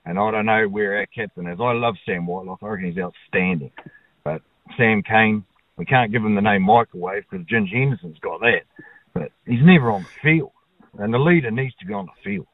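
A man's voice: on the low side, fairly quick, dry recording. A man with a New Zealand accent calling in to a talkback radio show, blunt, blokey and opinionated, swearing casually. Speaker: caller. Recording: tinny phone line.

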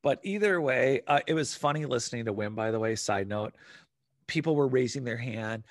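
Rambling, animated man in dry close-up. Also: mid-range voice, normal speed, no room sound. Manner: rambling, animated, swears casually. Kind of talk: casual chat.

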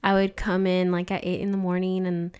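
A woman's voice: on the low side, a little fast, clean tone. Chatty woman telling a story. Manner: animated storyteller, fills with "like". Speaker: podcast co-host, hair stylist. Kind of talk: casual chat, storytelling.

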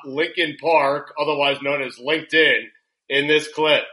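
A man hosting a casual comedy podcast, telling stories in an animated way, laughing often and swearing freely. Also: fairly high pitch, a little slow, poor audio. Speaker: podcast host.

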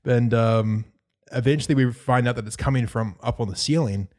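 A young man hosting a podcast, telling a story in casual chat, animated, swearing freely and laughing as he goes. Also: medium pitch, moderate pace.

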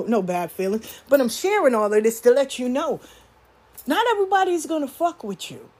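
A woman telling candid stories about her spiritual community in a blunt, profane, animated way. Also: high voice. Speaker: spiritual practitioner. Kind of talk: candid storytelling monologue.

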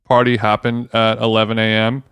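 Male podcast co-host, smooth mid voice, laid-back and slangy, dry close mic. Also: fairly low pitch, monotone, fairly quick, a bit bright, dry recording. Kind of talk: casual chat.

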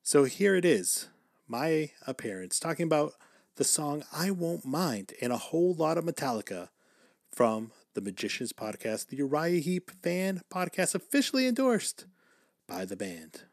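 A man's voice: on the high side, sing-song, moderate pace, no echo, studio quality. A man hosting his own podcast and then chatting as a guest on another, upbeat and laughing easily. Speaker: podcast host. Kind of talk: casual podcast chat.

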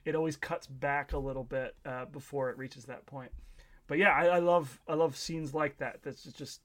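A man's voice: mid-range voice, fairly even intonation, moderate pace, fairly bright tone. A man giving his take on a film in a casual podcast chat, hedging and restarting as he thinks.

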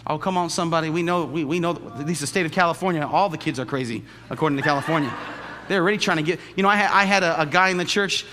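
A male pastor preaching a sermon. He swings from loud, high outbursts to hushed, low storytelling. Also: very fast. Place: church sanctuary. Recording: long church-hall reverb.

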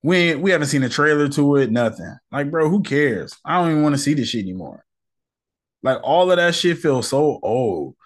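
A man's voice: fairly high pitch, expressive, a little fast. A man hosting a casual solo podcast, rambling in slang and sounding irritated. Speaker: podcast host.

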